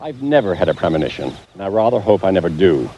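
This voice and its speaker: Documentary presenter, man, very low dark husky voice, calm and dry. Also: fast, faint music behind. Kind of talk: measured storytelling to camera. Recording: slightly dull documentary audio.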